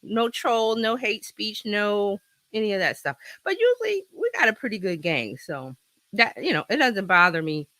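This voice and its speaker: A woman hosts a casual livestream from her home office, her mid-range voice swinging widely in pitch at a normal speed, with a bright, forceful tone and no echo. She's chatty and rambling, laughs often, and has a slight cold in her throat. She's recorded on a laptop with an external mic.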